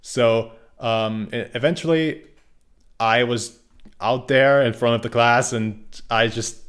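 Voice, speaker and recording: A man's voice: mid-range voice, fairly even intonation, slow pace, fairly bright tone. A young man casually commenting on his gameplay, rambling and joking, with frequent restarts. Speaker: game streamer.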